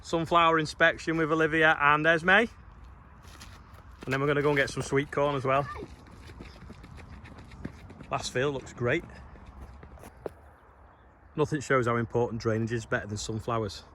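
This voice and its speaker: A man's voice: medium pitch, steady tone, moderate pace, long pauses, bright, forceful tone, slight background noise. A man vlogging casually on his farm, chatting in a rambling way and asking his viewers questions. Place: outdoors on a farm.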